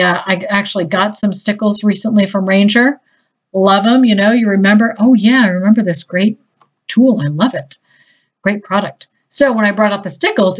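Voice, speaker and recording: A woman chatting enthusiastically through a casual craft tutorial, a little self-deprecating. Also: mid-range voice. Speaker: crafting demonstrator. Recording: slightly dull lo-fi audio.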